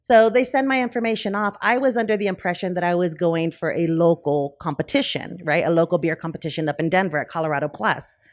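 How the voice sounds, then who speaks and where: A woman in a casual interview, telling a story in a lively way with many fillers like um and you know. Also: lowish voice, fast talker, few pauses. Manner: animated, acts out quoted conversations. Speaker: brewery owner and podcast guest.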